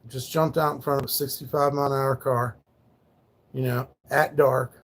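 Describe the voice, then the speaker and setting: A man's voice: mid-range voice, level tone, moderate pace. A man livestreaming, rambling and swearing as he talks about his late dog, grieving and sometimes thanking chat. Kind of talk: casual livestream talk.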